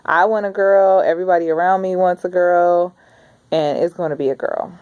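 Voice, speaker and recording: A woman in her thirties rambles warmly through a casual video diary, chatting straight to camera. Her voice sits a little low, and the recording sounds slightly dull and lo-fi. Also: fairly even intonation, moderate pace, clear, resonant tone. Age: 30s. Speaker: vlogger.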